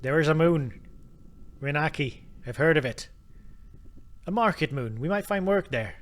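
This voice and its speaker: A man's voice: a little high, animated, natural voice. Man putting on an Irish-accented young woman. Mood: hopeful. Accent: Irish, put on. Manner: halting attempt at an accent.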